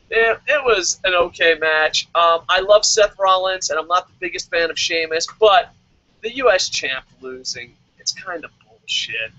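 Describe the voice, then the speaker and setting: Male vlogger, high and sharp, swears nonstop in a sarcastic rant. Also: dry recording, dull audio. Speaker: wrestling review vlogger. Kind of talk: profane angry rant.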